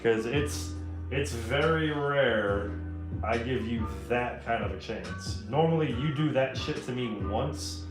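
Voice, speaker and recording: A man's voice: mid-range voice, slow. A man chatting casually on a livestream, telling stories with plenty of swearing and laughter. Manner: profane, laughing storyteller. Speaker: streamer. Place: home room while painting. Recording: roomy echo, faint guitar music.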